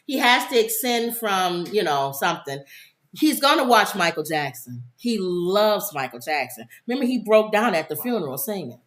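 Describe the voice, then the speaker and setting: A woman's voice: medium pitch, big pitch swings, moderate pace, a bit bright. A woman co-hosting a casual chat show, talking in a chatty way and reading news items aloud. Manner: chatty, reads news aloud, acts out quotes. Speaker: co-host. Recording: roomy echo.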